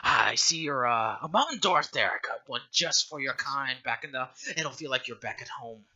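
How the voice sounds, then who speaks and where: A game master voicing a frail, kindly old woman who runs an orphanage, soft-spoken and fussing over her guests. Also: medium pitch, lively intonation, moderate pace, dull audio, a crowd in the background, natural voice. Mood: comforting. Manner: warm, fussing, soft-spoken, leans on a cane.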